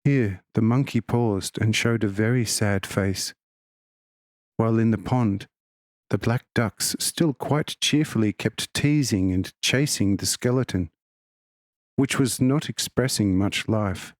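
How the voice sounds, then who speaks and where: A man's voice: fairly low pitch, slow, dry recording, studio quality. Man reading a solemn audiobook. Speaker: audiobook reader. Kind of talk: audiobook narration of a religious text.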